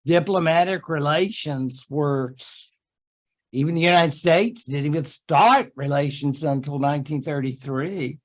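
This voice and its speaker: A man with a slightly high voice gives a slow, unhurried history lecture to his class. He keeps it chatty, adding jokey asides and quick invented quotes.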